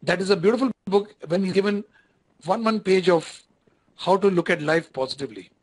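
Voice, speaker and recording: A lecturer with an Indian English accent speaks to his online class in a rather high voice. He talks conversationally, repeating phrases and often stopping to ask if the students are following. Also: a little fast, breathy edge, rough recording.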